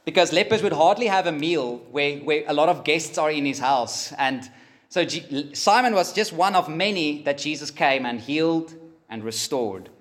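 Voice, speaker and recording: A man preaching a sermon, emphatic and pausing, rising for emphasis. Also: fairly high pitch, lively intonation, fairly bright tone. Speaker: pastor.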